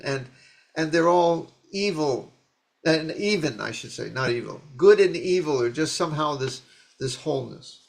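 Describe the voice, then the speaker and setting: A man giving a dharma talk as a Zen teacher, telling old stories in an animated, rambling way with many restarts. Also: on the high side, moderate pace, creaky.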